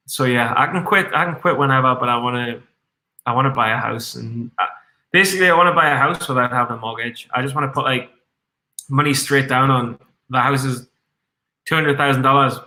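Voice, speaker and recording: A man's voice: mid-range voice, sharp tone. A man streaming his live stock trades, swearing constantly and reading chat aloud while a bit tipsy on red wine. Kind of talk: live trading commentary. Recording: echoey room.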